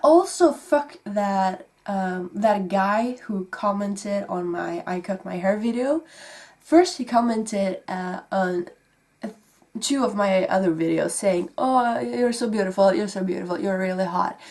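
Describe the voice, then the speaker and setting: Woman vlogging slowly, defiant and blunt, sighs a lot. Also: medium pitch, darkish tone. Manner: defiant, slow, with sighs and swearing. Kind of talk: played vlog clip.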